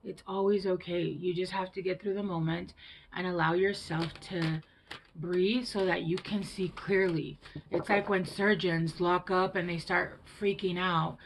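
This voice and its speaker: A woman giving a tarot reading to her viewers, gentle and reassuring, with hushed whispered asides. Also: fairly low pitch, steady tone, a little slow, a little hiss or hum, rough recording. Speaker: tarot reader.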